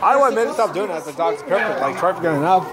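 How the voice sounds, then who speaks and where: A young male vlogger chatting casually with friends, his pitch jumping around as he jokes and coaxes the dogs. He sounds excitable and playful. Chatter from other people carries on behind him. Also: rapid-fire. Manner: excitable, coaxing dogs, joking. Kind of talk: casual vlog chat.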